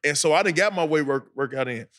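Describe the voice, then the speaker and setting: Man, high voice, podcast co-host, animated storytelling. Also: quick pace. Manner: animated storyteller, acts out quotes, laughs a lot. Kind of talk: casual storytelling.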